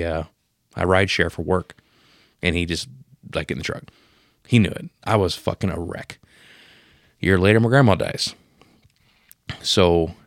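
A man in his thirties telling a personal story on a podcast, emotional and profane, marking each scene change with a sudden boom. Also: gravelly, no room sound, studio quality. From Pennsylvania. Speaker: podcast co-host. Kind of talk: casual storytelling.

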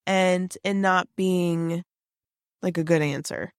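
A woman's voice: lowish voice, steady tone, slow, no room sound, clean studio sound. A woman casually telling a creepy personal story, chatty and full of fillers and restarts.

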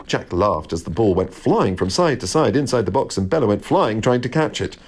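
A man reading a children's storybook aloud in a gentle, expressive way. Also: lowish voice, a little fast.

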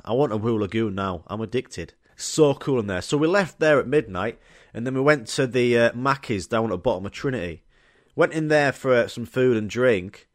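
Sweary young guy rambling. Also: mid-range voice. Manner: sweary, rambling and jokey, puts on voices in stories. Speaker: podcast host. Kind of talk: casual solo podcast storytelling.

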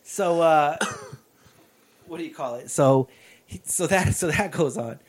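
A man's voice: a little high, slow. A man hosting a casual chat, animatedly recapping a movie's scenes with laughter.

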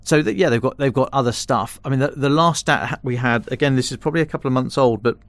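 A man's voice: mid-range voice, fast talker, dry recording. A man, a defence and security editor, giving casual podcast analysis in an explanatory way, often stopping and restarting mid-phrase.

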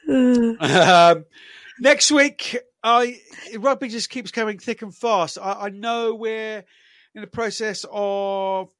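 Slow and high-pitched with a fairly bright tone, a man co-hosts a casual podcast on a dry recording. His speech is loose and rambling, packed with fillers and restarts.

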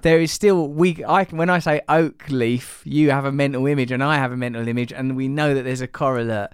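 Curious, rambling man with smooth voice. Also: medium pitch, fairly even intonation, brisk, no echo. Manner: curious, rambling, many fillers. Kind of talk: casual conversation.

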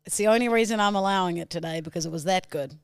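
A woman's voice: lowish voice, racing, clear, resonant tone, dry recording. Dry-sounding woman co-host, playfully scolding. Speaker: podcast co-host. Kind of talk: casual comedic chat.

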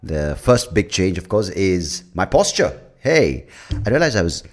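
Deep-voiced male podcast host; loose, meandering solo talk full of fillers and casual swearing, recorded close to the mic. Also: big pitch swings, measured pace. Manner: rambling, with many fillers and restarts; swears freely. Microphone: leaning in close to the mic.

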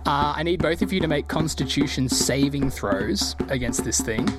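A man's voice: a little high, lively intonation, normal speed. A man running a tabletop game as game master, narrating loosely with fillers and laughs. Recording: music playing loudly behind.

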